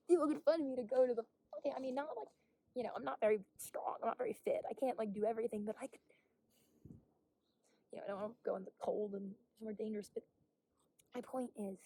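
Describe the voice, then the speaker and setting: A young woman with a slightly high, warm, husky voice records a casual vlog monologue while hiking outdoors. She rambles frankly, curses often, and occasionally slips into a whisper, all captured in a dry recording.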